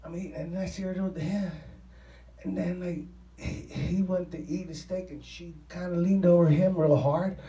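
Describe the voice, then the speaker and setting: A man being interviewed, telling a rambling anecdote in an excitable, profane way. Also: sits high, normal speed. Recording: roomy sound from a distant mic.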